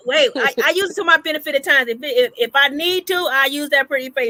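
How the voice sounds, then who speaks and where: A woman hosting an online birthday chat, telling animated stories and laughing often. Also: high-pitched, quick pace, few pauses, no echo. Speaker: host. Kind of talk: casual chat. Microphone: online call.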